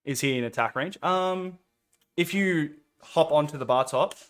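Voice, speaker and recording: Slow-talking Australian man running a tabletop game. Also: on the high side, smooth. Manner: relaxed, laughs often, rambling narration. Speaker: game master. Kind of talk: narrating a live-streamed tabletop game.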